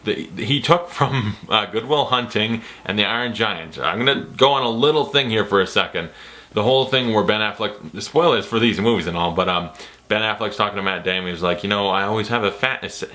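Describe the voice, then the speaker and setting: A young man, a vlogger, chats casually and eagerly about the things he just bought, rambling and slipping into playful mock quotes. His voice sits on the low side, quick and sharp in tone.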